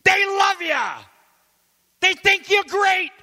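Man doing a high, shouting pushy stagehand, big hall reverb. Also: animated, slow pace, creaky, full character voice. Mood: urging. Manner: loud, pushy, coaxing. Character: brash male stagehand calling out loudly.

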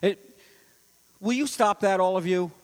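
High-voiced preacher in an echoing hall. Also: male voice, measured pace. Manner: impassioned preaching, swinging from loud climaxes to hushed asides; asks rhetorical questions. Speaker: pastor. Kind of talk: sermon. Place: church sanctuary.

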